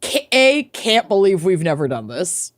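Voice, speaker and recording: Woman podcast co-host, slightly low voice, unhurried, playful chat, dry close sound. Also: sing-song, no echo. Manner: chatty, playful, drawn-out emphasis. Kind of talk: casual chat.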